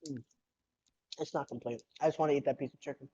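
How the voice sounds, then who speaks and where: A man's voice: medium pitch, fairly even intonation, fast, mellow, breathy edge, no echo. Young guy joking while eating. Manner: joking, eats while talking, swears casually. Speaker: podcast co-host. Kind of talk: casual chat. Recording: dull lo-fi sound.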